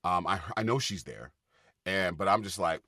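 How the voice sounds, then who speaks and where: A middle-aged man, a stage actor, telling stories on a casual podcast, animated and quick to laugh and get loud when excited. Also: sits low, no room sound, clean studio sound. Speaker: guest, Broadway actor.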